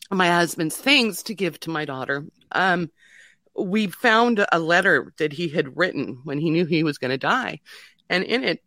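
A woman's voice: fairly low pitch, expressive, a little slow, pushed and bright, no room sound. A middle-aged woman candidly telling her life story in an interview, self-mocking and laughing often, with many fillers.

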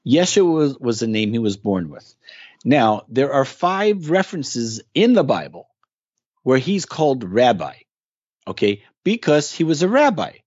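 A man's voice: mid-range voice, big pitch swings, unhurried, darkish tone, no echo, highs cut off. A man talking as a guest in a casual interview, explaining with earnest emphasis. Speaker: guest musician.

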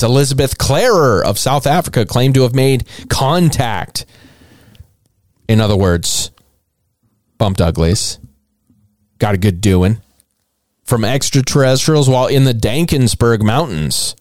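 A man's voice: medium pitch, very animated, measured pace, darkish tone, dry recording, studio quality. A man hosting a comedic podcast, retelling strange stories with irreverent mockery and frequent swearing. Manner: irreverent, mocking, swears often, laughs at own material. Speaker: podcast host.

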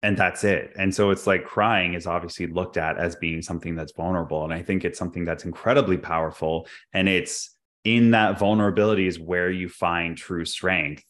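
Guy with a really low voice chatting on a podcast, open and reflective. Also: fairly even intonation, a bit bright. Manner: candid, reflective, quick to laugh. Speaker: podcast co-host. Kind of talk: casual podcast chat.

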